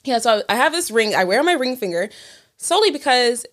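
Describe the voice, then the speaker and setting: A woman's voice: fairly high pitch, very animated, quick pace, a bit bright. A young woman in casual chat, talking loosely with many fillers and frequent swearing. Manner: swears freely, lots of "like" fillers.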